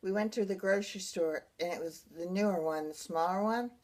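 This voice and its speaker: A blogger shares a personal experience, earnestly telling her viewers a rambling story in casual fashion to camera. Her voice is lowish and darkish in tone, and she speaks a little fast.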